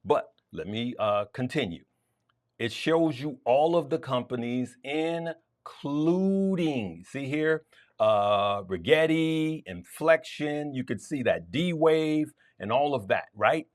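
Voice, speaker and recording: A man's voice: medium pitch, slow. A man hosting a stock trading show, talking viewers through charts in an emphatic, repetitive way. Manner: emphatic, lively, repeats points for stress. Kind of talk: market commentary to viewers.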